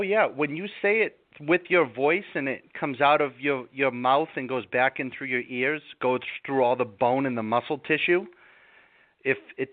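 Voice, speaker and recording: In a relaxed live interview, a man with a medium-pitched voice offers self-help advice, animatedly acting out angry outbursts to drive his point home. The audio is tinny and phone-like, dry and close, with no room sound.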